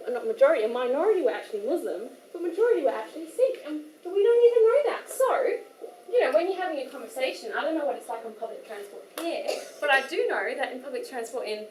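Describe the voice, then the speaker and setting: A woman's voice: sits high, animated, fast, darkish tone. A young Australian woman giving a casual workshop talk to an audience, chatty and full of fillers and restarts. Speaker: workshop speaker. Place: community hall. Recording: echoey hall with faint room noise.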